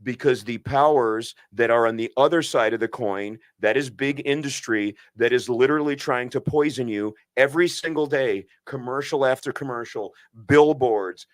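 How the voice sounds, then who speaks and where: A man's voice: medium pitch, moderate pace, few pauses, no echo, studio quality. A man co-hosting a podcast as a physician, speaking earnestly and emphatically, often restarting his sentences. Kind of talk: impassioned podcast conversation.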